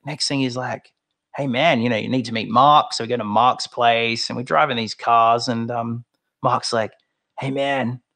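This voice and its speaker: Australian guest in his thirties, gravelly, animated and chatty. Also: medium pitch, normal speed. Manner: animated, acts out quoted voices. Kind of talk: casual storytelling chat.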